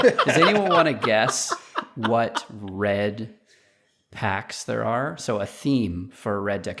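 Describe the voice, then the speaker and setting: A man co-hosting a podcast, joking and animated in casual talk about a card game. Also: on the low side. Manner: animated, joking, laughs easily. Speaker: podcast co-host.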